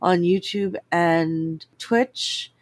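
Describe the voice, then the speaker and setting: Slow, low-voiced woman producer. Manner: measured, informative. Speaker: theatre producer. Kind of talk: explaining, casual interview.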